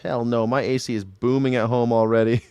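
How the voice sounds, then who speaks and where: Profane, rambling man commentator, crisp and dry. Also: mid-range voice, flat delivery, brisk, dark tone, no echo. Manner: rambling, profane, jokey, talks back to viewers by name. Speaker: independent news and culture commentator. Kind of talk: casual livestream commentary, reading chat. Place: home in Southern California.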